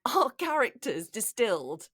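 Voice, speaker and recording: Woman co-hosting a podcast, laughs a lot, pitch jumps all over. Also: unhurried, heavy background noise. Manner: animated storyteller, laughs often. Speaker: podcast co-host. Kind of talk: comic anecdote, casual chat.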